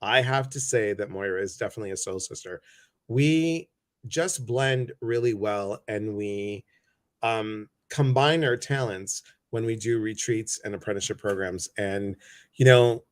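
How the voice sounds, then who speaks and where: A man's voice: lowish voice, a little slow, no room sound. A man hosting a casual livestream chat over a video call, effusive and greeting many viewers by name. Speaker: host.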